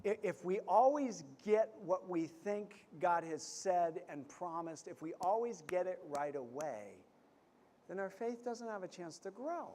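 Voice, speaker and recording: A man preaching a sermon as pastor, telling stories and swinging from loud to hushed. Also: sits high, lively intonation, unhurried, slight background noise. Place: church sanctuary. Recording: reverberant church hall.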